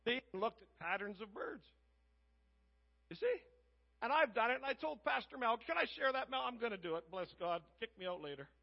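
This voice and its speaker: High-voiced guy preaching, acts out the characters, dull muffled recording. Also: expressive, a little fast, creaky. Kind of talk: sermon retelling a Bible story.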